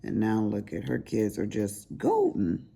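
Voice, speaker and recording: Gravelly, low-voiced older woman. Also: wildly swooping pitch, measured pace, dark tone. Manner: chatty, rambling, with laughing asides. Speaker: crafting vlogger. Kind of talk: casual chat while crafting.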